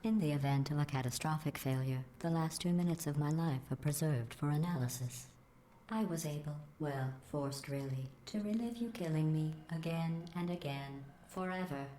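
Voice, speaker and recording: A cold, sarcastic computer AI whose low, filtered voice drips with slow, flat mockery. The game audio carries a clear hiss of noise underneath. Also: female voice. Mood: bitter. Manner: slow, flat, mocking delivery. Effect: robotic filter.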